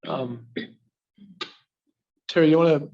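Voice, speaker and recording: A man with a fairly high voice leads a group discussion, hesitant and often pausing to check his listeners are with him. The recording is dull and muffled, caught in a meeting room. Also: gravelly, darkish tone. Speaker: discussion leader. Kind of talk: leading a group reading discussion.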